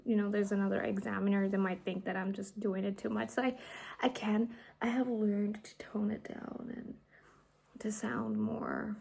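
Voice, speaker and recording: A young Indian woman, a Hindi speaker who is a vlogger and artist, rambles candidly to her camera, often dropping to a half-whisper. Her mid-range voice has vocal fry and a darkish tone, with slight background noise.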